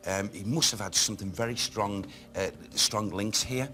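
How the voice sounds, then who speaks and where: A man working as a medium on a ghost hunt, speaking haltingly and addressing unseen spirits. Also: lowish voice, sharp tone. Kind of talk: psychic reading on a ghost hunt. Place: dark old historic building, indoors.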